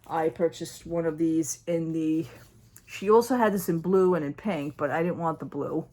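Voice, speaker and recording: Chatty low-voiced woman showing a haul. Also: moderate pace, dark tone. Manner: chatty, rambling, with frequent restarts and fillers. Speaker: haul vlogger. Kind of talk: casual show-and-tell chat.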